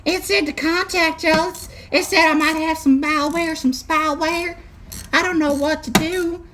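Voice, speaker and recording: A man putting on a high-pitched rambling old codger. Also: fairly even intonation, measured pace, noisy background. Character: rambling old man caller, folksy and clueless.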